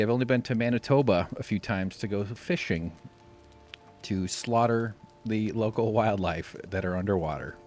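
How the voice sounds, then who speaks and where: A man from the United States hosting a live stream, talking in a rambling, sarcastic way with deadpan jokes. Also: on the low side, moderate pace, faint music behind. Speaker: livestream host. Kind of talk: casual live-stream chat.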